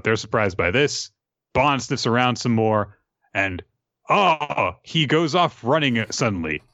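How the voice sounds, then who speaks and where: A man's voice: medium pitch, bright, forceful tone, no echo. A man co-hosting a podcast, recapping a comic in a joking, casual way, on a dull lo-fi recording. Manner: joking, with frequent laughs. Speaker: podcast co-host.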